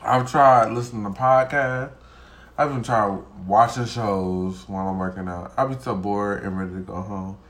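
A man's voice: on the low side, steady tone, moderate pace, fairly bright tone. Playful man in casual podcast banter. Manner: joking, breaks into song snippets and mock voices. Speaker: podcast co-host. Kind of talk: casual chat.

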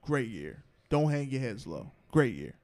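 A man's voice: medium pitch, very animated, unhurried, darkish tone. A young man co-hosting a podcast, chatting casually and joking in a laid-back, slangy way. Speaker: podcast co-host. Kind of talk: casual chat.

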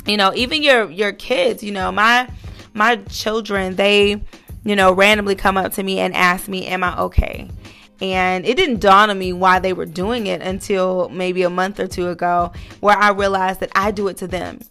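Gravelly-voiced woman podcaster, earnest. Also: mid-range voice, steady tone, moderate pace, sharp tone, faint music behind. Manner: earnest, motivational, many fillers. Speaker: podcast host. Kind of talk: casual encouraging monologue.

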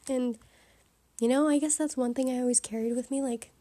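A young woman telling a rambling personal story in a quiet, hushed way, full of fillers. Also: sits high, fairly even intonation, fairly quick. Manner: chatty, rambling, many fillers. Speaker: vlogger. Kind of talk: casual storytime chat.

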